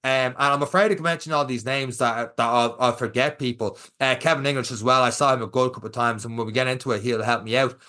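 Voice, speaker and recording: Speaking quickly in a mid-range voice and barely pausing, a young Irishman co-hosts a podcast. He's an animated storyteller, telling a race story over casual chat and performing the quotes of the people involved.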